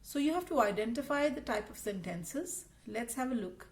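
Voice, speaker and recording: A woman with a slightly high voice explains grammar in a recorded lesson. She talks patiently and reads out example sentences one after another. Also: lively intonation, normal speed, gravelly, hardly any pauses. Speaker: teacher.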